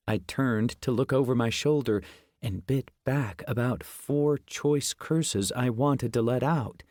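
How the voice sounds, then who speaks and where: A man narrating a fantasy audiobook in the first person, with steady, even storytelling. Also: medium pitch, no room sound, studio quality.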